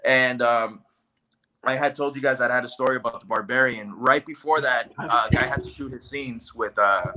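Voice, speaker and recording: This podcast guest, a man with a medium-pitched voice, speaks at a normal speed while chatting casually. He spins a story lively and full of acted-out quotes.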